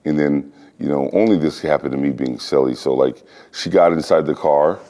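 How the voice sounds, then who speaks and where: A man being interviewed, telling casual anecdotes in an animated way and acting out voices and sounds. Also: very deep voice, normal speed. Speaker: interview guest.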